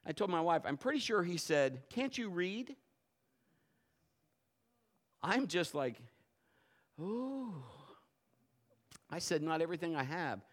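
A middle-aged man preaching a sermon as a pastor, telling a story and swinging from low murmurs to loud outbursts. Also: big pitch swings, moderate pace, pauses often.

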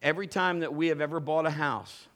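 A male pastor preaching a sermon with an animated delivery that swings from loud bursts to low, intimate tones. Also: fast talker.

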